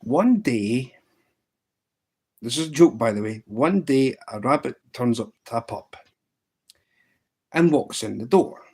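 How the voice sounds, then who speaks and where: Telling rambling jokes on his fly tying livestream, this Scottish man keeps restarting lines and repeating "says." His mid-range voice is expressive, unhurried, a little mellow and husky, with frequent pauses.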